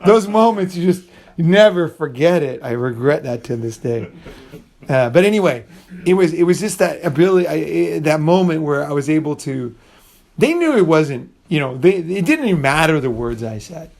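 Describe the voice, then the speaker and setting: A man's voice: a little high, animated, normal speed, creaky, darkish tone. A middle-aged man telling a rambling, profane story in casual talk, often restarting sentences and acting out what people said. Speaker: channel host.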